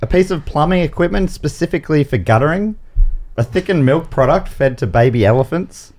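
A man's voice: fairly high pitch, animated, fairly quick, darkish tone. Wry Australian man hosting a comedy quiz. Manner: wry, jokey rule explanations with playful asides. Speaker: game show host.

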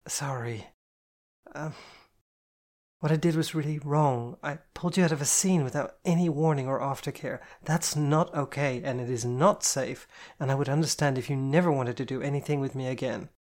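A man reading the part of a remorseful woman who speaks earnestly, apologizing in halting phrases. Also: medium pitch, darkish tone, close to an everyday voice. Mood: earnest apology. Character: remorseful woman, a caring dominant partner. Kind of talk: audiobook character voice.

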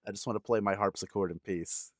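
A man's voice: lowish voice, steady tone, quick pace, no echo, clean studio sound. A man co-hosting a comedy podcast, riffing sarcastically in casual chat. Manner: sarcastic, does mock ad voices. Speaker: podcast co-host.

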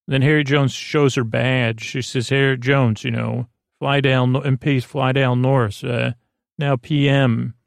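A man with a gravelly, creaky voice drifts through a bedtime recap in a flat, level tone. He rambles and halts, stopping often to correct himself. The sound is dry and close, with no room around it. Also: mid-range voice, no room sound. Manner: rambling and halting, many fillers and self-corrections; flat, unhurried delivery. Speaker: podcast host. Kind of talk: drowsy bedtime recap of a TV episode.

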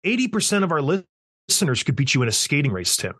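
A man's voice: fairly high pitch, very animated, fast, fairly bright tone, dry recording, studio quality. A man hosting a podcast, ranting bluntly and emphatically and teasing his co-host. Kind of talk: casual opinionated rant.

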